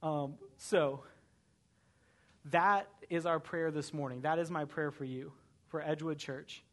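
A man's voice: on the high side, steady tone, measured pace. A young man preaching a conversational sermon as pastor, earnest and often checking in with "right?".

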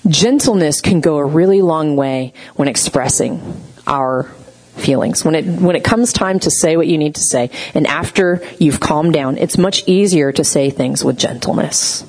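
A woman speaks in a relaxed, conversational teaching style, full of fillers and lively storytelling. Her voice sits somewhat low for a woman. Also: moderate pace, husky, low-quality recording. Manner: chatty, heavy on fillers, animated storytelling. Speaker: speaker teaching on gentle communication. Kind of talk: casual teaching talk.

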